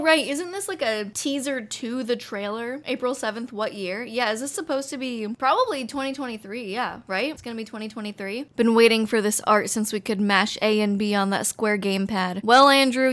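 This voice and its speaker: Excitable woman reacting to a trailer. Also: on the high side. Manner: excitable, swears, laughs often. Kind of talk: casual reaction commentary.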